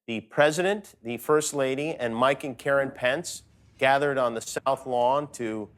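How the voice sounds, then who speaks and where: A man's voice: medium pitch, unhurried, a bit bright. A man hosting a late-night show, delivering a sarcastic comedic monologue from home.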